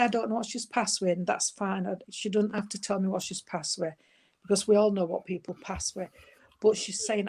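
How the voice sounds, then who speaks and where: Woman medium, warm-toned chatter, endearments throughout, mid pitch. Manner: gentle, chatty, full of endearments like sweetheart and darling. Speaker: spiritualist medium. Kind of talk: giving a spirit reading.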